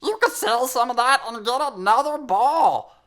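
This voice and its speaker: In a chatty mood, a woman performs as a goofy sheep host of a children's story show, reading a fairy tale and adding playful, sassy comments to listeners. Her fairly bright, somewhat high voice has lively intonation and a moderate pace.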